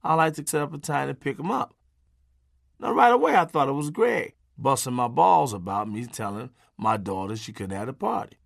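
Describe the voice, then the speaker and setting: A man's voice: mid-range voice, expressive, moderate pace, vocal fry, fairly bright tone, no room sound, studio quality. A middle-aged man narrating his memoir in a punchy, folksy, conversational way with salty language.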